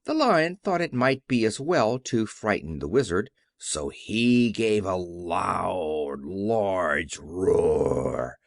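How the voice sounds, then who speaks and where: Expressive male audiobook narrator. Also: medium pitch, no echo, studio quality. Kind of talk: scripted narration.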